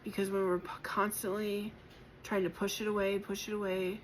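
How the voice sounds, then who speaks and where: A woman giving a spiritual collective tarot reading, gentle and encouraging, reflective, with many pauses and fillers and moments of emotion. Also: medium pitch, flat delivery, slight background noise, low-quality recording. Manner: emotional at times. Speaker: tarot reader.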